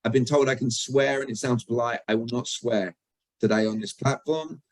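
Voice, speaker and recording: A man's voice: mid-range voice, fairly even intonation, moderate pace, no room sound, rough recording. A British-born man running an online communication workshop, joking and asking his audience questions. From Britain. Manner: chatty, jokey, asks the audience questions. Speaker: communication trainer. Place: video call.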